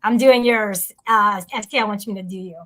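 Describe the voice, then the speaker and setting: A woman's voice: medium pitch, normal speed, fairly bright tone, poor audio. A woman chatting casually on a stream, playful and gossipy. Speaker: streamer in a group voice chat. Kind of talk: casual chat.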